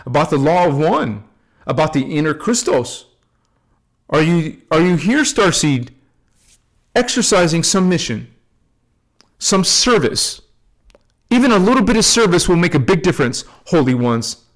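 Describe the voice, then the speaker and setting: A man hosting a spiritual channel, talking loosely to his viewers and closing with soft blessings and affirmations. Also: a little high. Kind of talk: casual spiritual talk to camera.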